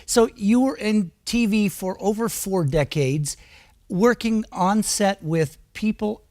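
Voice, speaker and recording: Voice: mid-range voice, slow pace, a little mellow. A talk show host welcoming and interviewing a guest, affable, with brief encouraging interjections.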